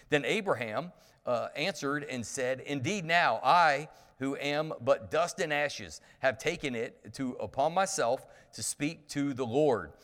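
Folksy man preaching in a reverberant hall. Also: on the high side. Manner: folksy, conversational, frequent restarts. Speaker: pastor. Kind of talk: sermon with scripture reading.

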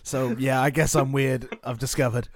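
A man's voice: medium pitch, fairly even intonation, normal speed, no echo. Giggly, playful man at a game table. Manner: playful, giggly, self-mocking. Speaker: player. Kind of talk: tabletop role-play chat.

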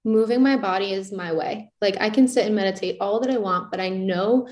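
A young woman speaking as an interview guest, candid and animated as she acts out her own inner questions. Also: mid-range voice, fairly quick. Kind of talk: casual reflective interview talk. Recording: roomy echoey sound.

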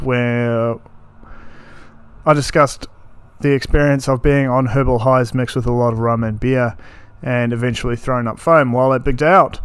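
A man's voice: mid-range voice, clear, resonant tone, dry recording. Sweary ranting podcast man. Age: 30s. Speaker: podcast host. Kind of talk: solo podcast rant.

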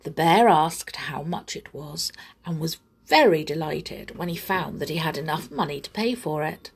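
A woman reading a children's story aloud, telling it gently and sometimes dropping into soft whispers. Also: sits low, animated, moderate pace, gravelly, breathy edge.

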